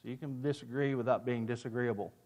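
A man's voice: medium pitch, steady tone, fast, a little mellow, lo-fi sound. A man teaching a Bible class who stresses key words, cites chapter and verse, and answers his own questions. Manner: leads with questions and answers them himself.

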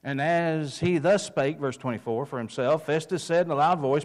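A man with a somewhat high voice leads a Bible class in an emphatic way. He cites chapter and verse, repeats the words that matter, and puts questions to the room that he then answers himself. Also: moderate pace, few pauses.

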